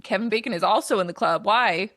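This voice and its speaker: Podcast co-host, woman; lively recap voice, dry close-mic. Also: medium pitch, fast, dry recording. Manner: animated retelling, acts out quotes. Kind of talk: casual movie recap chat.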